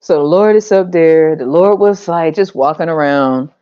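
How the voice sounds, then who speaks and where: An American woman hosts a podcast, delivering a casual monologue rant that's profane and mocking, and she laughs often. Her low, mellow voice has a clean tone at normal speed with no room sound. The recording has a dull lo-fi sound.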